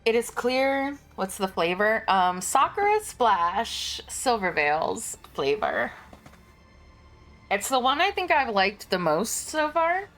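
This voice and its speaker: A woman's voice: on the high side, very animated, slow, fairly bright tone, faint music behind. A woman streamer chatting casually, laughing often and swearing, as she reads game text aloud.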